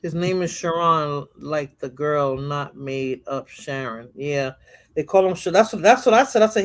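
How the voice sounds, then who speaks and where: A man bantering in an expressive, opinionated way as a co-host in a casual chat. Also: on the high side, moderate pace, no echo.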